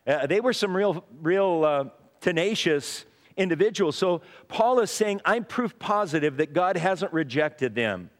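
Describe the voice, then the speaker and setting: A man's voice: high voice, lively intonation, measured pace. A man preaching a sermon in an earnest way, acting out the voices in the passages he retells, with frequent restarts. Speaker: pastor. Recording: long hall reverb.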